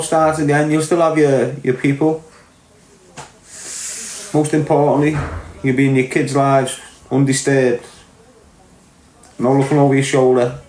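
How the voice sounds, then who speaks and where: A man's voice: mid-range voice, darkish tone. A middle-aged man with a Liverpool accent, talking as a podcast host in a blunt, sweary, lecturing monologue. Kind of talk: unscripted monologue to camera. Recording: roomy echo with faint music.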